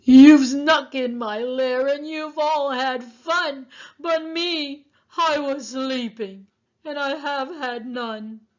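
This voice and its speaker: A woman's voice: high voice, steady tone, takes it slowly, pitched above the performer's own voice. A woman voicing a big, grumpy, sleepy bear in a storybook reading, whining and complaining. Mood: whiny. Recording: dull lo-fi sound.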